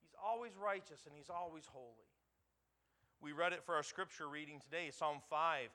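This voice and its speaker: Male preacher, sermon delivery, pitched a bit high, sharp bright tone, swells to loud emphasis. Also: normal speed. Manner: repeats words for emphasis, asks the congregation questions. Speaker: pastor.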